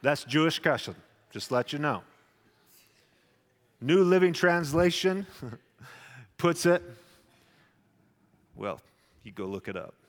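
A man's voice: on the high side, animated, slow pace, pauses often. A male pastor preaching a sermon, teaching through a Bible passage in a conversational way with wry asides. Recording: long reverb in a large hall.

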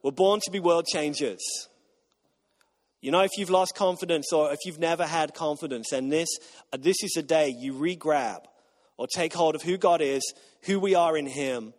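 A pastor with a voice on the high side preaches a sermon at a moderate pace, emphatic and repetitive, getting his congregation to say lines back to him. It was recorded in a church auditorium, with the long reverb of a large hall.

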